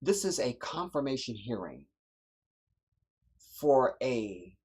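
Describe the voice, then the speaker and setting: Husky-voiced man ranting on a livestream. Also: medium pitch, big pitch swings, takes it slowly, darkish tone. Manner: emphatic, preachy, repeats phrases. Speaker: livestream host. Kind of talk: livestream commentary.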